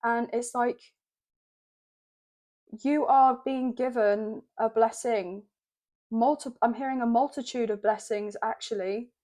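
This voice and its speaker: Mellow-voiced woman giving a tarot reading. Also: a little high, fairly even intonation, slow, long pauses. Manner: flowing, repeats "I'm hearing" while channelling messages. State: choked up with emotion. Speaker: tarot card reader. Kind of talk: channelled tarot reading to camera.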